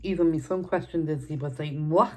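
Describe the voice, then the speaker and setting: Casting: middle-aged woman, slightly low voice, relaxed chat between mouthfuls. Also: quick pace. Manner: chatty, eating between sentences. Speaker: mukbang vlogger. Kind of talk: casual chat while eating.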